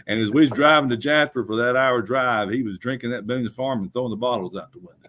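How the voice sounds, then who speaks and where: A man's voice: mid-range voice, normal speed, fairly bright tone, slight background noise. A man, telling a rambling, folksy story as a guest. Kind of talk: casual storytelling.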